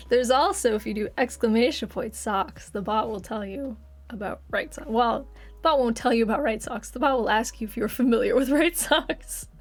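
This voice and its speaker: A woman's voice: on the high side, normal speed, soft background music. A young woman from Texas chatting casually with viewers on a live stream, giggling and laughing often.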